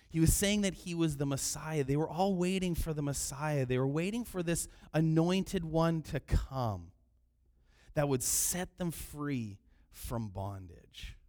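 A man preaching a sermon in an animated way, sometimes raising his voice to act out the people in his story. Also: on the high side. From Canada. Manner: animated preaching, acting out quoted cries loudly. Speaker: pastor.

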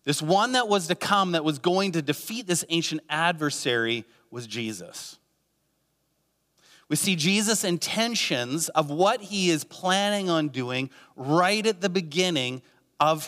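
A man's voice: a little high, a bit bright, big-room sound. A man preaching a sermon as a pastor, earnest, with many rhetorical questions and repeated phrases.

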